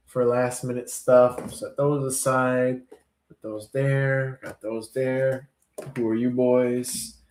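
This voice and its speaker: This is a man hosting a casual live auction stream. His talk is playful and jokey as he chats through the lots. His voice sits at an ordinary, mid-range male pitch. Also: a little mellow. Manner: playful, jokey, chats while sorting and labeling. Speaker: livestream auction host.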